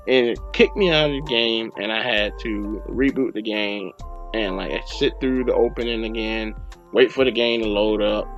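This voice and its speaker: A man hosts a podcast in a casual, rambling rant, acting out his own reactions as he goes. His voice sits in a middle pitch. The recording is dull and lo-fi, with music playing faintly underneath. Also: fairly bright tone. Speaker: podcast host. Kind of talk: casual game review rant.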